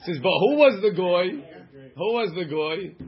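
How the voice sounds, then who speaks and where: A man's voice: high voice, animated, a little slow, a crowd in the background. A man teaching an informal text-study class, translating passages line by line in a conversational way. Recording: dull lo-fi recording.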